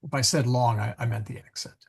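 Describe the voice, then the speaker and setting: A man's voice: mid-range voice, steady tone, quick pace, vocal fry, slightly rough. A man leading an online Latin reading group, explaining grammar patiently and correcting himself as he goes. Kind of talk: casual online class.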